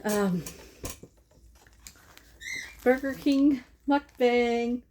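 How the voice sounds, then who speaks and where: A woman's voice: fairly high pitch, very slow, mellow, slight background noise. A woman chatting casually while eating on camera, laughing often and correcting herself mid-sentence. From Canada. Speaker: vlogger. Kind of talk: casual mukbang chat.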